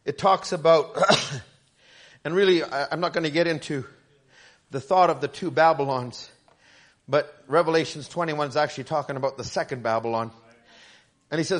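A male pastor preaching a sermon, stammering through restarts and building to shouted emphasis. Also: a little high, moderate pace, pauses often.

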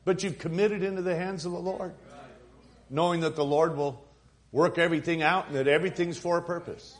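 A man's voice: fairly high pitch, fairly even intonation, fairly quick. A middle-aged man preaching a sermon as a pastor, building to emphatic, repeated declarations. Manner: preaching with rising emphatic repetition.

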